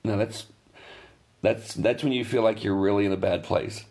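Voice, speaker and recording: Earnest conversational preacher man, low voice. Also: normal speed, vocal fry, darkish tone. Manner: earnest and conversational, with many restarts. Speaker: pastor. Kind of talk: sermon.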